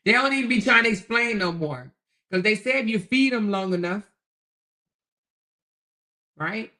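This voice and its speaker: Her medium-pitched voice is animated, pushed and bright, unhurried and full of pauses. This middle-aged livestream host reads out viewer comments folksily, chuckling a lot and addressing people as baby and honey.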